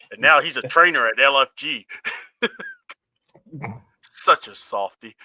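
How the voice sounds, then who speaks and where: A man co-hosting a casual podcast chat, animated, laughing often and acting out quotes as he talks. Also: medium pitch, takes it slowly, no echo. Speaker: podcast co-host.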